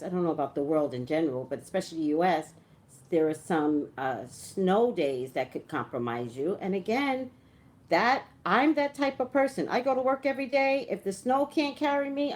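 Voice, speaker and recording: A woman's voice: on the high side, darkish tone. A woman hosting a casual live stream from home on a phone, chatting, laughing often and greeting viewers by name. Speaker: livestream host. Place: indoors at home, dim lighting. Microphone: phone livestream.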